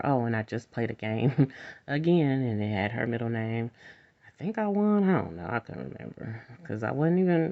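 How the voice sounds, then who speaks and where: A woman's voice: rumbling low, vocal fry. Woman, casual monologue, rambling, frank, laughs often, muffled lo-fi sound. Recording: dull lo-fi recording.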